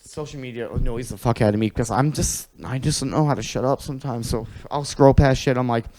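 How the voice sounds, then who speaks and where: A man's voice: medium pitch, fairly quick, darkish tone, low-quality recording. A man talking casually on a podcast, ranting animatedly and swearing a lot. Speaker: podcast host.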